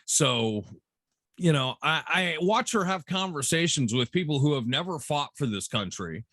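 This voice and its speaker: Podcast co-host, male, lively and exasperated, slightly higher pitch, dry close sound. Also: moderate pace, dry recording. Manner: animated, swearing, rants with exasperation. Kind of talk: casual chat.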